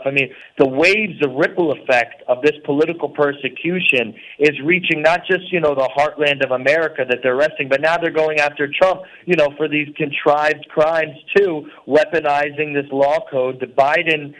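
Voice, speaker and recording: A man calling in to a radio show from a prison cell. He talks earnestly and at a mid pitch, preaching at times. His speech is loose and full of fillers. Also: a bit bright, low-quality recording. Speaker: guest calling in. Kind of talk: interview on talk radio.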